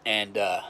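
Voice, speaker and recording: A man's voice: on the low side, pushed and bright, slight background noise. A man hosting a live stream, telling a story in a frank, rambling way with profanity and frequent restarts. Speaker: livestream host.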